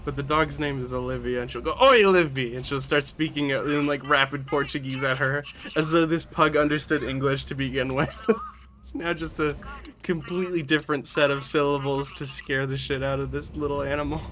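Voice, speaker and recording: A man's voice: mid-range voice, level tone, a little fast, a bit bright, a little hiss or hum. A man streaming a video game, chatting casually in rambling, giggly stories full of swearing. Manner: rambling, giggly, profane storytelling. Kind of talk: casual gameplay commentary.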